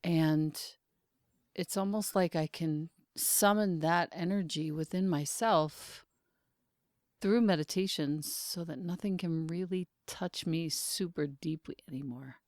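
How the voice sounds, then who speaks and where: A woman's voice: on the low side, slow pace, a little mellow, no room sound, clean studio sound. A woman hosting a podcast interview, speaking candidly and reflectively, thinking aloud as she goes. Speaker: podcast host. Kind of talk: conversational interview.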